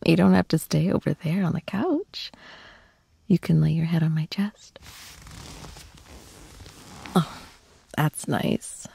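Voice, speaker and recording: A fiercely protective, tough girlfriend who is learning to be gentle, voiced by a young woman in an intimate audio role-play. Her voice sits low and moves slowly, with plenty of gravelly fry. She speaks softly to the listener and often drops into a husky half-whisper, in a dry, close setting. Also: dry recording, full character voice. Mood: affectionate. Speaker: voice actor.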